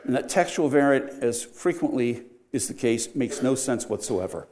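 A man's voice: mid-range voice, normal speed. Older male pastor preaching animatedly. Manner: animated, wry, swings between loud emphasis and quiet. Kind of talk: sermon.

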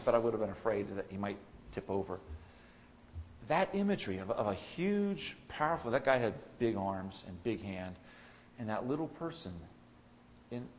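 A man preaching an expository sermon, moving from soft, thoughtful explanation to loud, ringing proclamation. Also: on the low side, muffled recording, a little hiss or hum. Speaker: pastor.

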